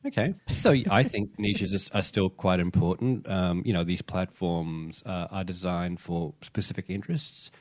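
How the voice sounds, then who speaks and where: Male podcast co-host, very low voice, close dry mic, chatty and explanatory. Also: normal speed, hardly any pauses, darkish tone, no echo. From Britain or Commonwealth, says niche the non-American way. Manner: explanatory, many fillers and restarts. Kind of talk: casual podcast chat.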